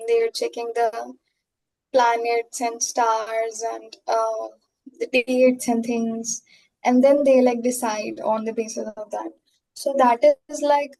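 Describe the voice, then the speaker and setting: A woman's voice: on the high side, dark tone, poor audio. A woman teaching an online class over a video call. She explains patiently and fills her talk with "um" and "like". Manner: explains patiently, full of fillers like "um" and "like".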